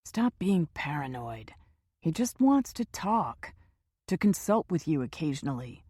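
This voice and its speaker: Low-voiced woman playing a quiet, reassuring killer, smooth and cold, dry close read. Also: very animated, measured pace, no room sound, heavily acted. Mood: calm. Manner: cool, reassuring, quietly menacing. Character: calm white-haired male hitman, cold and smooth.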